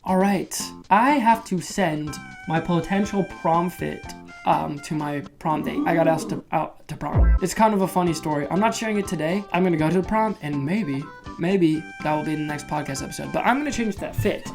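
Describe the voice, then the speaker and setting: A teenage guy hosts a casual storytelling podcast, recorded on a phone mic. He's chatty and goofy, and his pitch jumps high when he acts out quotes. A clear guitar tune plays behind him the whole time. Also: normal speed. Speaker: podcast host. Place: loud location. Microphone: phone microphone. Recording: guitar music playing behind.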